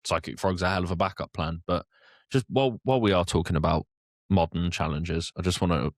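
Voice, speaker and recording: A man's voice: low voice, fairly quick, no echo, clean studio sound. A man co-hosting a casual podcast, talking in an opinionated, conversational way. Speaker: podcast co-host.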